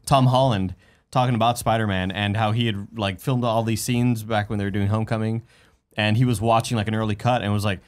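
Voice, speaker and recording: A man's voice: fairly low pitch, steady tone, fairly quick. A man co-hosting a casual podcast chat, telling stories in a chatty, easygoing way. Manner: chatty, laughing storyteller. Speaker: podcast co-host.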